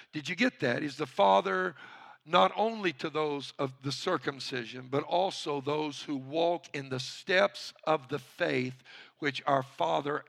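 A man's voice: a little high, gravelly, a bit bright. A male pastor preaching a sermon who calls on the congregation to respond.

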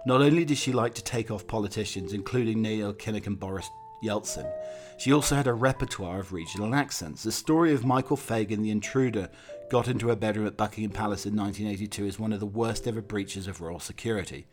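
A man reading a scripted documentary narration in a measured, anecdotal storytelling way. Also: lowish voice, faint music behind.

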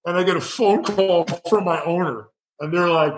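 High-voiced, foul-mouthed bartender man. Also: moderate pace, few pauses, soft background music, poor audio. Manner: profane, animated, heated storytelling. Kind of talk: casual storytelling chat.

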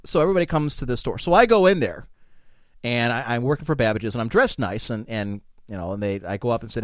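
A man hosts a podcast in a medium-pitched voice at a quick pace, the recording dry and studio quality. In casual chat he tells rambling, profane stories.

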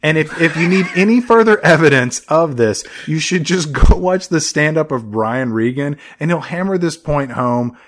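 A man's voice: a little high, moderate pace, few pauses. A man co-hosting a comedic movie podcast, recapping scenes and acting out the characters. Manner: animated storyteller, acts out characters. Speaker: podcast co-host.

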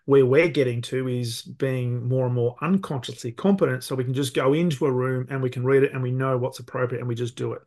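A man's voice: mid-range voice, steady tone, brisk, hardly any pauses, darkish tone. A middle-aged man with an Australian accent, chatting casually on a podcast as a guest, rambling and correcting himself as he goes. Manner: rambling, self-correcting, laughs easily. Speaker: podcast guest, sales leader. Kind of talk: casual conversation.

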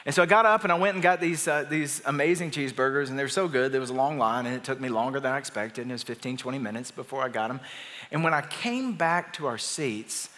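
Bright-voiced pastor preaching in a big reverberant hall. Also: male voice, mid-range voice, quick pace. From Atlanta area, US. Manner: conversational storytelling with restarts, building to emphatic declarations. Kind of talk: sermon. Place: large church auditorium. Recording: long reverb of a large church hall.

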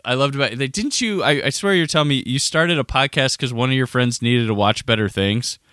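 Male podcast host, bright and lively, rambling, dry close sound. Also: a little fast, no room sound. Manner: rambling, restarts, lively pitch. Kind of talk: casual podcast chat.

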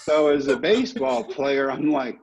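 A man in his fifties, a former ballplayer, telling animated stories as a podcast guest and acting out the quotes. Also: mid-range voice, moderate pace. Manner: animated anecdotes with acted-out quotes. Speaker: guest, former baseball player. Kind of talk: storytelling interview. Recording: dull lo-fi podcast audio.

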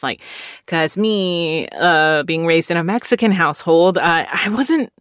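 A woman's voice: lowish voice, dry recording, clean studio sound. A woman in her late thirties from Texas, telling a story casually and with animation, laughing often and filling her speech with "like".

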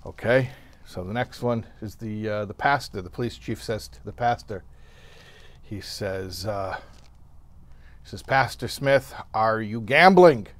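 Slow, unhurried male Torah teacher. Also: fairly low pitch, fairly even intonation. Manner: unhurried, reads Hebrew then translates it. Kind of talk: weekly Torah lesson with an opening joke.

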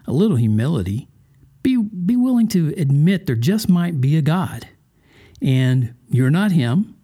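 A man hosts a religious podcast in a folksy, conversational monologue. His voice is mellow and sits at a middle pitch. He keeps turning to the listener with casual questions. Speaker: podcast host.

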